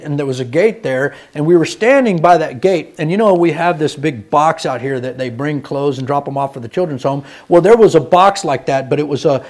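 A man preaching a sermon in a folksy storytelling way, swinging between loud and hushed. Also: on the high side.

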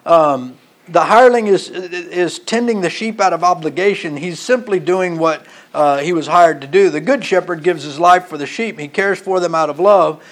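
A man preaching a sermon in a high, light voice. He tells a story in a plain conversational way and reads scripture passages aloud. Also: normal speed.

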